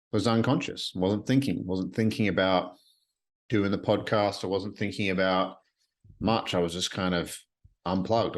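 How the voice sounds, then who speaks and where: A man hosting his own podcast at night from his apartment, talking alone in an earnest, rambling way that often repeats phrases. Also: low voice. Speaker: podcast host. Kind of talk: solo reflective podcast monologue.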